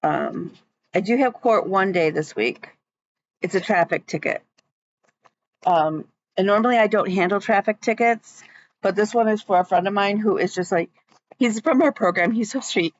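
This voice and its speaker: A woman's voice: medium pitch, moderate pace, highs cut off, a little hiss or hum. A woman vlogging about her stitching at home in a rambling, chatty way, with many ums. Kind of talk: casual chat.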